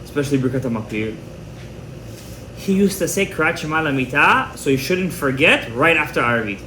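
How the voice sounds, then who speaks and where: A man with a fairly high voice gives an animated, emphatic Torah class and drops in Hebrew terms as he goes. His words ring around a reverberant room. A faint ambient hum sits underneath. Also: normal speed. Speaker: rabbi teaching a Torah class. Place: indoor room with a live audience.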